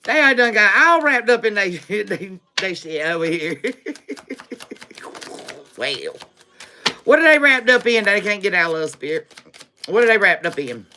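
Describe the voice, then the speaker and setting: A woman's voice: mid-range voice, very animated, a little slow, long pauses, sharp tone, a little hiss or hum. A woman giving a live-streamed tarot reading, laughing often, repeating phrases for emphasis and calling her viewers baby. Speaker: tarot reader.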